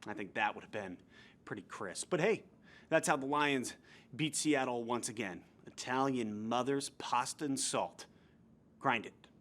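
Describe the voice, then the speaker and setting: A man's voice: medium pitch, animated, unhurried, fairly bright tone. A young man from New Jersey hosting a comedic football recap in a goofy, playful way. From New Jersey, USA. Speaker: host.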